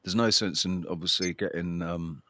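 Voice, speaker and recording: A man with a very deep, low voice chats casually as a livestream host. He rambles and restarts his sentences often, breaking into a chuckling laugh. The sound is dry and close, with almost no room echo. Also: steady tone, moderate pace, bright, forceful tone. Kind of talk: casual chat.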